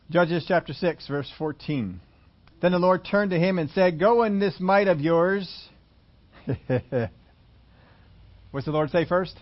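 Pastor guy preaching, kinda higher voice, repeats stuff slow so folks can write it down, muffled lo-fi sound. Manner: slows and stresses key phrases, repeats points for note-taking; chuckles at his own jokes. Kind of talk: sermon. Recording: dull lo-fi sermon audio.

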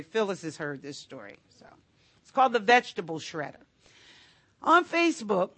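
A woman preaching a sermon, telling a personal story in a chatty, animated way with asides to the congregation. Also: medium pitch, no echo.

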